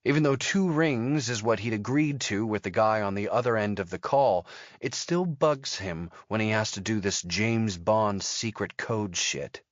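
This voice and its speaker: A man narrating a thriller audiobook in a steady, measured storytelling manner. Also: on the low side, no echo, muffled recording. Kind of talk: scripted narration.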